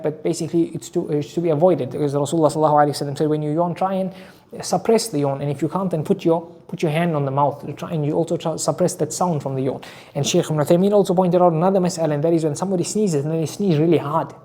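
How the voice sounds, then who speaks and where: A man's voice: fairly high pitch, fast, mellow. A man giving a religious lesson, explaining rulings and often repeating his key phrases, with Arabic terms mixed in. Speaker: Islamic teacher.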